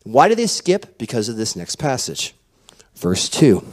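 A man preaching a sermon as pastor, telling stories with a voice that drops to a hush and then rises loud. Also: medium pitch, a little slow. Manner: animated storytelling, dropping to a hush then rising loud. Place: church hall.

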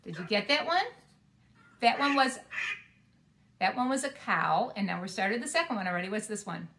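A woman preschool teacher leading a video lesson, speaking slowly and clearly to small children. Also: mid-range voice, animated, background noise.

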